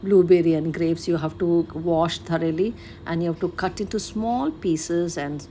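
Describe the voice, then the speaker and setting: A woman's voice: lowish voice, warm tone, a little hiss or hum. A woman, a mother explaining her baby's meals in a casual home vlog, with many fillers and restarts. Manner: unhurried, plain, with frequent "uh" fillers and restarts. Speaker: mother and home cooking vlogger.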